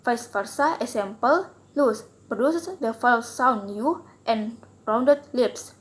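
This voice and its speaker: A young woman, a student, reading her class assignment aloud carefully and deliberately. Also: a little high. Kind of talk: slow read-aloud class presentation.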